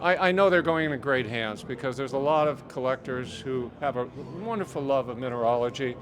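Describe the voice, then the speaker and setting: A man's voice: mid-range voice, brisk. An older man, a longtime collector, answering interview questions in a reflective way. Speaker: mineral collector guest. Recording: busy crowd noise behind. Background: crowd chatter.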